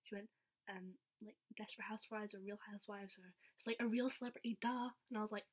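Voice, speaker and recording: A woman's voice: mid-range voice, level tone, fast, a bit bright. Chatty young woman storyteller. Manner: chatty, says "like" all the time, acts out quotes. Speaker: vlogger. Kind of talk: casual storytelling.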